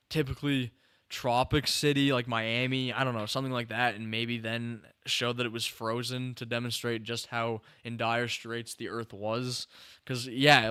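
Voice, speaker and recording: Clean studio sound and a dry recording capture this young podcast host's medium-pitched, slightly bright voice, which is clear and resonant. In a casual film review chat he sounds a little tired, yawning as he rambles, restarts and fills gaps.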